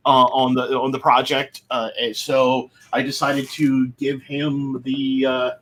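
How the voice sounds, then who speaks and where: A man's voice: mid-range voice, flat delivery, takes it slowly, a bit bright, a little hiss or hum, poor audio. A man co-hosting a casual podcast, speaking hesitantly with many "uh"s. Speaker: podcast co-host, project creator.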